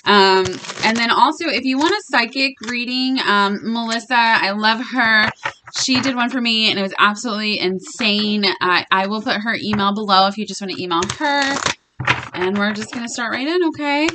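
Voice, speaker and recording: A young woman chatting casually in a tarot reading vlog, blunt and quick to swear, laughing often. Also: a little high, background noise. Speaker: tarot reader and vlogger.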